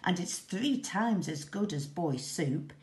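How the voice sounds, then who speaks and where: A woman's voice: fairly low pitch, lively intonation, slow pace, a little mellow. A woman voicing a cheeky, clever young boy in a read-aloud storybook, in a sing-song teasing manner. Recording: echoey room.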